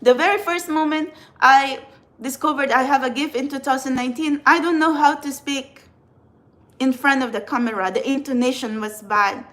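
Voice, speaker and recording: A Filipino woman with a Filipino accent talks casually to camera as a tarot reader and spiritual channeler, rambling earnestly and often restarting her sentences. Her voice is high and fairly bright, at normal speed.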